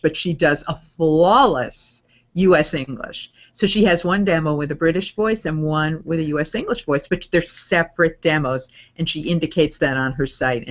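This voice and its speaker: A middle-aged woman coaching voice over students, chatting casually and upbeat while answering viewer questions. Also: low-pitched. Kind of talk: live Q&A webinar. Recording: dull lo-fi audio.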